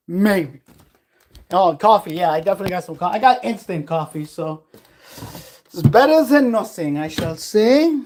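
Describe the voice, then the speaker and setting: A man with a high, darkish voice talks at a moderate pace and sounds very animated. He's a vlogger cooking in his home kitchen, handing out blunt, profane, preachy life advice in a casual livestream pep talk.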